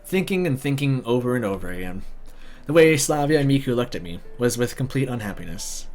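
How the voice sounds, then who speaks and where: A man's voice: medium pitch, fairly quick, soft background music. A man reading a visual novel story aloud, breaking in with sarcastic comments. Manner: sarcastic asides, animated. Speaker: video narrator.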